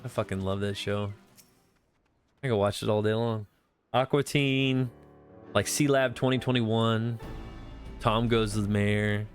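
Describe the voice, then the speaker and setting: A man's voice: lowish voice, fairly even intonation, a little slow, long pauses, soft background music. A man streaming a game, chatting casually in a rambling, profane way full of fillers. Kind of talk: casual live-stream chat.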